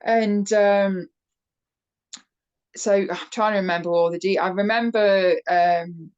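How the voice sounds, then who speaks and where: A woman from the United Kingdom with a British accent, a podcast guest telling a personal story in a casual, animated way, with many fillers and restarts. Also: medium pitch, takes it slowly, clear, resonant tone, highs cut off. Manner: laughs often while telling the story.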